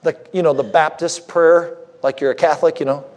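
A man's voice: a little high, steady tone, brisk, a little mellow. A man preaching a sermon as a guest speaker, conversational and joking with the congregation, married fifteen years.

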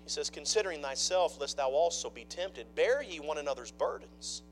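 A man preaching a sermon, dropping to hushed mock-gossip asides and then rising into loud, emphatic preaching. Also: a little high, lively intonation, brisk, faint music behind, poor audio. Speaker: pastor.

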